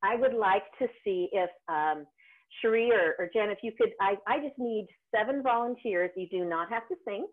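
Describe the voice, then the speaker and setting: A woman's voice: medium pitch, normal speed. A woman vocal coach running an online singing workshop, encouraging and chatty, with frequent ums and restarts. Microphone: video call. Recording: tinny phone-like call audio.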